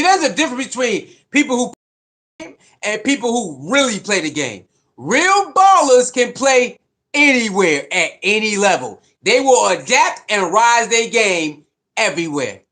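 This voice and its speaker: High, animated speaker ranting loudly. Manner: animated, repeats rhetorical questions, shouts at critics; slangy, swears, says bro and man. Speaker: sports commentator. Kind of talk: heated sports rant to camera.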